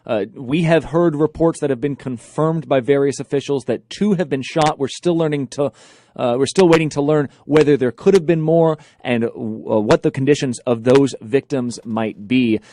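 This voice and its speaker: A man delivers a breaking news report. He speaks in a measured way with frequent fillers, and his pitch is mid-range. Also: mellow.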